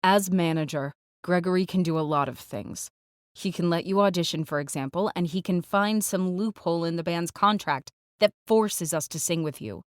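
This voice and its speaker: A woman narrating a first-person audiobook in a measured, tense, clipped way. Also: fairly low pitch, dry recording, studio quality. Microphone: close studio mic.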